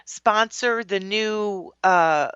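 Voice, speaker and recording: A woman's voice: medium pitch, very slow, fairly bright tone, smooth, no echo, dull audio. A woman co-hosting a radio show, teasing and dry in casual banter. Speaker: radio co-host.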